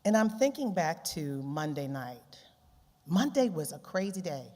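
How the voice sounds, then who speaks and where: A woman from Baltimore giving an animated conference speech, laughing often and repeating phrases for effect. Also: deep voice, unhurried. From Baltimore, USA. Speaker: keynote speaker, journalist. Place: large conference hall. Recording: long hall reverb.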